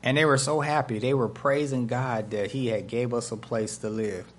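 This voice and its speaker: At a normal speed and medium pitch, a male pastor preaches a storytelling sermon amid slight background noise. His delivery is animated, acting out the voices of the people in his stories.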